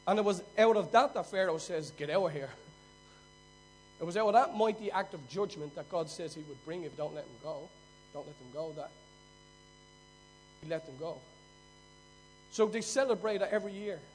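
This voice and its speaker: A man's voice: high-pitched, a little mellow, rough recording. A man preaching a sermon as pastor, building emphasis by repeating his key phrases. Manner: emphatic, repetitive preaching cadence.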